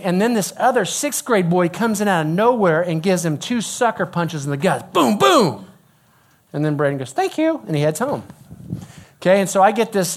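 A middle-aged man giving a sermon, an animated storyteller who drops to a hushed voice when quoting dialogue. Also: sits high. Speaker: youth pastor.

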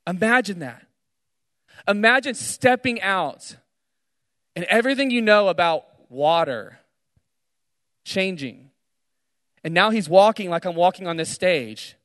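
A young man preaching casually to students from a stage, retelling a story with animated asides. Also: sits high, unhurried, pauses often, no room sound, big-room sound. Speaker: speaker at a student gathering. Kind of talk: energetic sermon. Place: large hall on a stage.

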